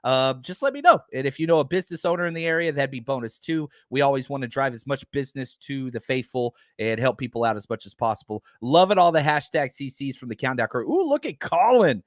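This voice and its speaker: A man hosting a live podcast, talking fast and excitedly with lots of fillers, rambling from one point to the next. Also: medium pitch, no echo, studio quality. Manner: enthusiastic, rambling with many fillers. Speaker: podcast host. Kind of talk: live-stream podcast chat.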